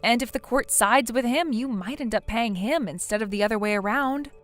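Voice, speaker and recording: A woman's voice: on the high side, a little fast, faint music behind, close to an everyday voice. A woman voicing a blunt young female friend in a text-message story, lecturing firmly. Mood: stern. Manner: firm, lecturing.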